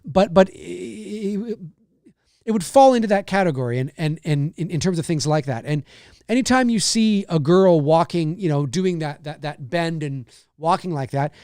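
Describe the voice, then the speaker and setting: Rambling live-stream host, lively pitch. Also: male voice, dry recording, clean studio sound. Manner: rambling, many restarts and repeated phrases; drops into low, slow impressions and squeaky high mimicry. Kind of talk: casual live-stream chat reading viewer comments.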